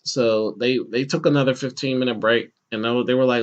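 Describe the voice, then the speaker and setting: A podcast host talks fairly quickly with few pauses as he tells a story in a casual chat, playing the people he quotes with animated bursts of pitch. The audio is dull.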